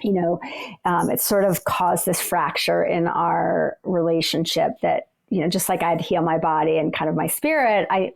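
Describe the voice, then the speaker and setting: A woman, an ultrarunner, casually telling the story of a race in a chatty, animated way. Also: lowish voice, vocal fry. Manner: chatty and animated, filled with "like" and "you know".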